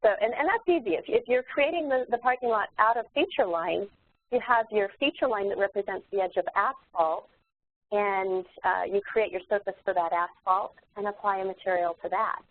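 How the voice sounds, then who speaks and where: A woman instructor demonstrating software in a live webinar, explaining steps in a relaxed way with many fillers and restarts. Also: mid-range voice, moderate pace. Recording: tinny phone-like webinar audio.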